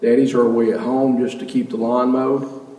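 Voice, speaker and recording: A male preacher delivers an earnest sermon at a middle pitch, pressing the congregation with rhetorical questions. His voice carries a long reverberant tail, as if the hall is large. He sounds set back from the microphone. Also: little pitch movement, moderate pace, warm tone. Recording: echoey hall, mic at a distance.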